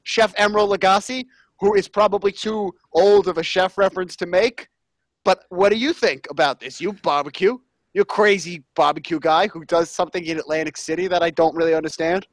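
A man's voice: sits high, steady tone, a little fast, dry recording, lightly acted. A man playing a defensive, barbecue-obsessed guy in an improv sketch, blustering, stammering and swearing.

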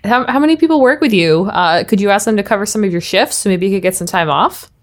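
A woman's voice: mid-range voice, lively intonation, fast talker. A woman playing a tabletop game, talking in a casual, friendly, loosely phrased way. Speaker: player. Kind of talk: in-character tabletop play.

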